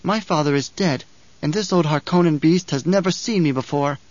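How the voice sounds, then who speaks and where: A man voicing a cold, self-assured young girl who speaks in a cool, quiet, precise way. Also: fairly high pitch, normal speed, no room sound, pitched above the performer's own voice, natural voice. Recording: dry, slightly dull audiobook recording.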